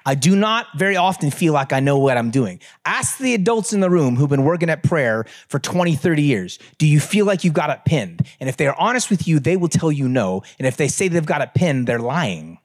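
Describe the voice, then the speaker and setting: A man's voice: fairly high pitch, very animated, brisk, hardly any pauses. A man speaking at a conference in a conversational, humorous way, addressing the audience directly. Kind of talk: storytelling talk on prayer.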